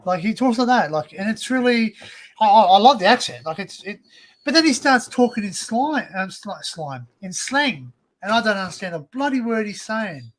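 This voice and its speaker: Aussie male host, higher voice, loose rambling chat on a desktop mic. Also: big pitch swings, moderate pace, rough recording. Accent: Australian. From Australia. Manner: rambling, restarts often. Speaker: live stream host. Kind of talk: casual chat. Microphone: desktop USB mic.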